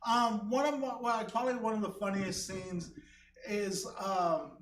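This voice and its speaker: High bright-voiced man onstage, echoey. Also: steady tone, unhurried, slight background noise. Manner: rambling, filler-heavy storytelling. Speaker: stand-up comedian. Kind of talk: casual onstage banter. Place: comedy theater stage. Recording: echoey room, mic at a distance.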